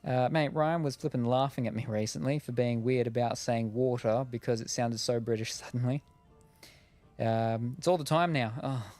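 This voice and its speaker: A man's voice: mid-range voice, steady tone, normal speed, a little mellow, faint music behind. An Australian man chatting casually while playing a game, rambling with lots of fillers and jokes. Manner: rambling, lots of ums, jokey. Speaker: gaming streamer. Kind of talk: casual chat while gaming.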